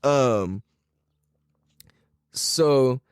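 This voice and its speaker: A man's voice: mid-range voice, very slow, smooth, no room sound, studio quality. A man hosting a podcast, talking casually and comically, laughing often and acting out his relatives' voices. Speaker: podcast host. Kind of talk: casual comedic monologue.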